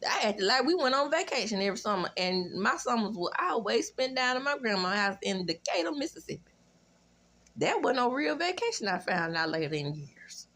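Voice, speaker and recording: Brief: Southern woman recap host, high-pitched, sassy and animated. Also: a little fast. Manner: sassy, animated, profane asides. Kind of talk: casual recap commentary.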